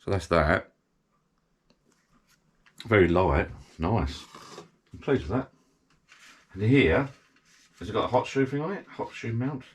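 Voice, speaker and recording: Man, British accent, deep voice, middle-aged, rambling, casual unboxing chat. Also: expressive, measured pace, long pauses. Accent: British English. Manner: rambling, chatty, thinks aloud. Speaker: YouTuber unboxing gadgets.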